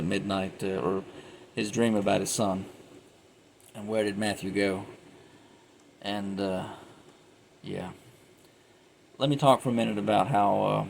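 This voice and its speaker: Gravelly man rambling through a film review. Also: fairly low pitch, slight background noise, low-quality recording. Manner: rambling, animated, laughs often, acts out scenes. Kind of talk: casual spoken film review.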